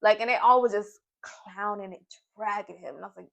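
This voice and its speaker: A young woman, from Tennessee, casually recapping a reality show in an animated, storytelling way. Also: mid-range voice, a little fast, gravelly, few pauses, muffled recording. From Nashville, Tennessee. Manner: animated storytelling, acting out the cast's quotes.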